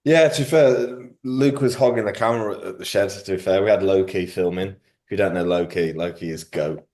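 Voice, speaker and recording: A man's voice: sits low, fairly quick, darkish tone. A man hosting a podcast, chatting casually with lots of slang and banter. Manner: banter-heavy, slangy, joking. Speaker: podcast host. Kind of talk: casual chat.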